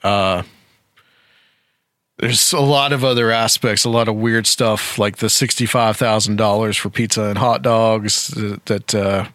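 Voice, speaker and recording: A man's voice: on the low side, fairly even intonation, unhurried, fairly bright tone, dry recording, studio quality. A man hosting a talk show, speaking casually and rambling with frequent fillers. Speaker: podcast host.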